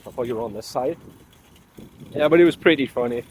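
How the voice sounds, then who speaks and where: A man's voice: medium pitch, a little fast, a little hiss or hum. A man with an English accent chatting casually while out shopping, full of small exclamations. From England. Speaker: vlogger.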